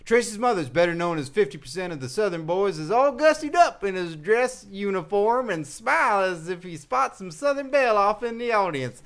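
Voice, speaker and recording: A man doing a drawling announcer with a Southern accent, showy and hammy, pitched up a little, reading the back of a trading card for a casual recorded chat among friends. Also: lively intonation, moderate pace, few pauses, fairly bright tone, smooth. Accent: American South.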